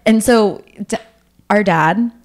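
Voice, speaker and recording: Young woman telling a rambling story. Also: medium pitch. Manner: fast storytelling, swearing, mimics her parents. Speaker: podcast co-host. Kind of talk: casual chat.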